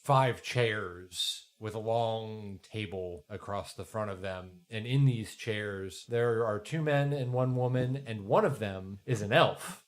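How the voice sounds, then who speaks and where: A man's voice: fairly low pitch, slow, few pauses. A man narrating a tabletop role-playing game as game master, describing scenes in a playful, descriptive way.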